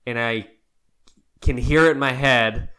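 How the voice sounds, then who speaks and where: A man's voice: medium pitch, unhurried, pushed and bright, clear, resonant tone. A young man co-hosting a podcast in casual chat, rambling and laughing often. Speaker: podcast co-host.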